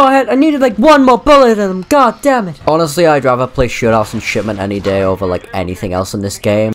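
Excitable gamer man yelping over gameplay. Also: sits high, a little hiss or hum. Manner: excitable, jumps from muttering to loud yelps; swears and laughs often. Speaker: gaming YouTuber. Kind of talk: live gameplay commentary.

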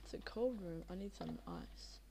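Drowsy young woman, gravelly low voice. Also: huge pitch swings, moderate pace, dark tone, a little hiss or hum. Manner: drowsy, rambling, many fillers. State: tired. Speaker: Minecraft video maker. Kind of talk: casual gameplay commentary.

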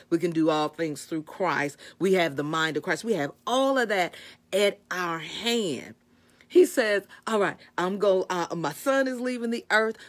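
A middle-aged woman giving a fervent, preacherly faith talk on a live stream, acting out God's replies. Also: lowish voice. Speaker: Christian speaker.

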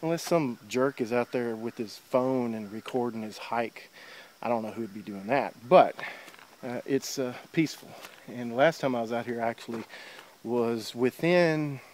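A man's voice: mid-range voice, normal speed, a little mellow. A man talks to a handheld camera as he walks a wooded river trail outdoors. His speech is loose and meandering, full of uhs and ums, and he is a little out of breath. Faint noise and mic handling can be heard under his voice. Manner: rambling, many fillers like uh and um. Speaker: hiker filming his trip. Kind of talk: casual walking vlog. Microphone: handheld camera while walking.

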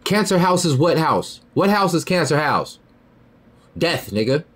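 A man in the middle of a ranting podcast monologue, his pitch leaping around in lively swings. He talks heated and profane, jumping up into loud high outbursts and then dropping low and muttering. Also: a little slow, husky. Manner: heated, profane, repeats "you feel me" and "bro". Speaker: podcast host.

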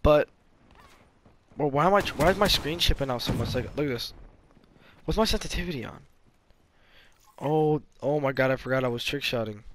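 A young man rambling through a story while commentating his gameplay, animated and full of trash talk. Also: medium pitch, moderate pace, long pauses, a little hiss or hum. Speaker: gaming YouTuber.

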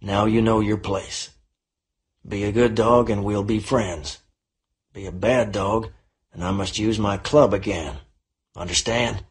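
Man voicing a heavy male with a club, low voice, calm menace, audiobook villain. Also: husky. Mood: menacing. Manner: low, slow, threatening under a friendly tone.

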